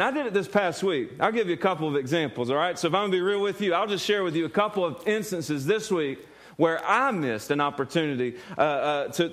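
A male pastor preaching a sermon earnestly, often repeating words and putting questions to the congregation. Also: high voice.

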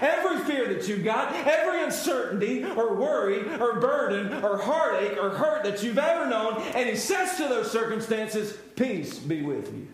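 A male pastor preaching a sermon, building emphasis through repeated refrains and direct address to the congregation. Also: sits high. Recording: very echoey church hall.

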